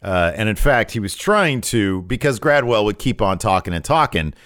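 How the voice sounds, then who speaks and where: A man with a lowish voice talks through a wrestling show in easygoing podcast chat. He rambles and restarts his sentences a lot. The sound is dry and close, with no room around it. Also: big pitch swings, moderate pace, a bit bright, smooth, no echo. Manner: rambling, frequent restarts and fillers. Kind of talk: casual chat, recapping matches.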